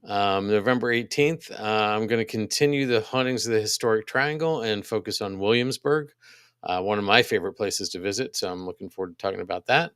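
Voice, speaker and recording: A man co-hosting a podcast, casually reading out upcoming events, halting with many ums and restarts. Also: fairly low pitch, a bit bright, clean tone, no echo, clean studio sound. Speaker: podcast co-host.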